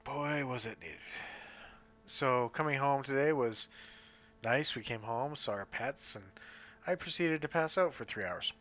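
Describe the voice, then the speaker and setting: A man's voice: medium pitch, measured pace, a bit bright. A man from Western Canada vlogging in a casual, rambling way at home, full of fillers and restarts. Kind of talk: casual chat. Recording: slightly dull lo-fi sound.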